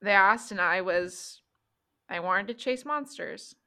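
A woman voices a weary woman monster hunter in a tabletop game, full of old regrets. She talks in halting, hesitant starts, and her voice has a bright, tense edge. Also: medium pitch, animated, heavily acted. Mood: wistful.

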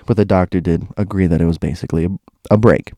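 Young adult man, casual storyteller, low warm voice, digresses and restarts a lot. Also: steady tone, quick pace, no echo, clean studio sound. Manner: rambling, many restarts and asides.

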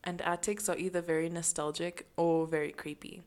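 A woman's voice: fairly low pitch, little pitch movement, brisk, darkish tone. A young woman co-hosting a podcast in casual chat, laughing often. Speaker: podcast co-host.

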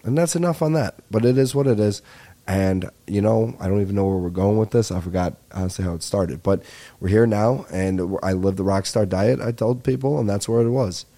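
A man, rambling excitedly and swearing through a comedic podcast monologue as host. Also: lowish voice, fairly quick. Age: 20s.

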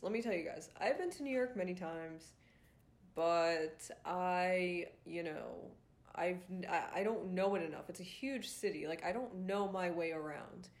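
A young woman chatting straight to her viewers in a casual storytime vlog. Her voice sits a little low for a woman. She rambles along with plenty of likes and ums and swears freely. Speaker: vlogger.

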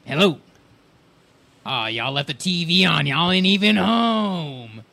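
A man's voice: fairly high pitch, expressive, slow pace, gravelly, bright, forceful tone, pitched above the performer's own voice, full character voice. A man voicing a male dog who has just learned to talk, frantic and easily distracted, repeating himself and blurting out his words.

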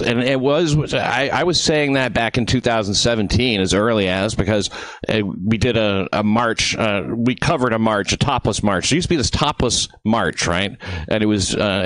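A man's voice: fairly low pitch, a bit bright, dry recording. A man, a comedian guest, talking bluntly and cynically in a rambling casual chat, with restarts. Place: New York.

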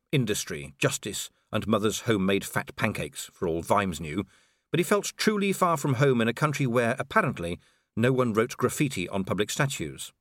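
A man narrating an audiobook in an expressive storytelling manner. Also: on the low side, no room sound, clean studio sound.

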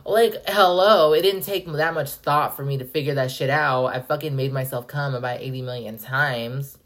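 A young woman hosting a podcast, rambling and cursing in an animated, casual rant. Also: rumbling low, normal speed. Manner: profane, animated, rambling with frequent "like". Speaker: podcast host.

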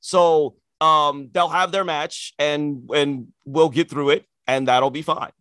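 A man's voice: fairly high pitch, fairly even intonation, slow pace, a bit bright, clear, resonant tone, dry recording. A man co-hosting a casual chat, opinionated and given to sarcastic rants. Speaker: podcast co-host.

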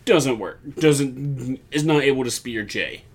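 A man's voice: medium pitch, a little slow. A young man co-hosting a podcast, recapping events in casual chat and acting out other people's lines as he tells the story. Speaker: podcast co-host.

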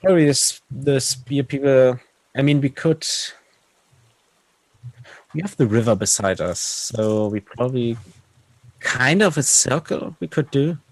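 A man playing a tabletop game, describing his character's actions with frequent halting restarts. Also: mid-range voice, lively intonation, no room sound, low-quality recording. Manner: halting, restarts while planning moves. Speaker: player.

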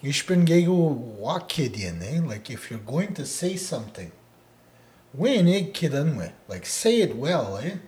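A man's voice: on the high side, big pitch swings, unhurried. Laid-back man who tags lines with "eh". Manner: laid-back, ends phrases with "eh?", turns loud and laughing when telling stories. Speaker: podcast co-host teaching Odawa. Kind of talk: casual conversational chat.

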